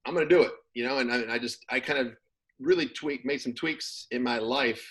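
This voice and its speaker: A man talks in a relaxed, meandering way as an interview guest, leaning on plenty of fillers. His pitch sits in the middle range, and he keeps an easygoing conversational pace. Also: moderate pace, poor audio. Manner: relaxed, rambling with many fillers. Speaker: former pro football player, guest. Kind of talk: casual interview.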